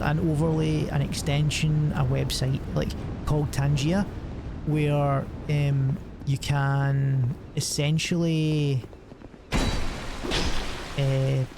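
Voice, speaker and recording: Young guy streaming, kinda high voice, rambly and sweary, bit of faint background hum. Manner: rambling and profane, many fillers and restarts. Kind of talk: casual chat while gaming.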